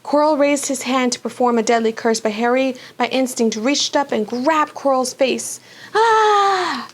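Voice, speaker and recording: A woman reading a children's fantasy book aloud for a book club, with an expressive, dramatic delivery. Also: sits high, moderate pace. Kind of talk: storybook read-aloud.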